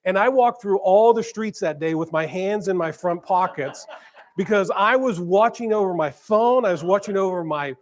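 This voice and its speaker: A man, a church pastor, preaching conversationally with stumbles and repeated words, slowing down to stress key phrases. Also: high-pitched. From grew up in a small town. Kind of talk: sermon. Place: church sanctuary.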